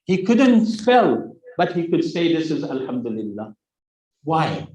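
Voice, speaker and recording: A man's voice: fairly high pitch, sing-song, a little slow, dark tone, roomy sound, highs cut off. A man in his sixties giving a Muharram sermon, telling a story, acting out its dialogue and adding joking asides to the audience. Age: 60s. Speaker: religious speaker.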